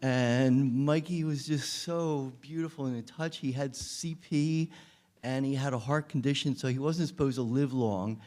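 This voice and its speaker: A man speaks gently and earnestly, sharing a personal story before playing a song. His voice is warm and mellow, and a guitar sounds faintly behind him. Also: medium pitch, steady tone, unhurried. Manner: gentle, earnest and soft-spoken. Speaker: guest musician.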